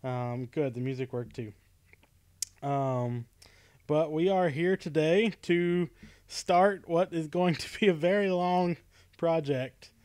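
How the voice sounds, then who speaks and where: A man's voice: on the high side, takes it slowly, darkish tone, clear, resonant tone, no echo. Chatty laughing man hosting a stream. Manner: chatty, laughs often, many ums. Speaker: podcast host. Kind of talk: casual livestream chat. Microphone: webcam stream setup.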